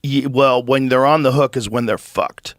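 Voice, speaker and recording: A man's voice: medium pitch, moderate pace, a crowd in the background. A man hosting a podcast, telling stories in a casual, profane way and acting out what people said. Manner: profane, animated storyteller who acts out quotes. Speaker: podcast host. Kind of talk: casual storytelling chat.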